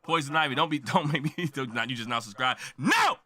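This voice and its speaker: A man who makes reaction videos, ranting loudly and emphatically to his audience. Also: mid-range voice, lively intonation, a little fast, hardly any pauses. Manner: loud, emphatic, shouts with indignation. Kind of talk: animated ranting monologue.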